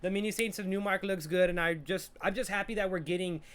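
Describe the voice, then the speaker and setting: A man's voice: high-pitched, fairly even intonation, fast, a bit bright, clear, resonant tone. A man hosting a podcast, casually reacting to a trailer and reviewing a movie in a profane, rambling, jokey way. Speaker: podcast host.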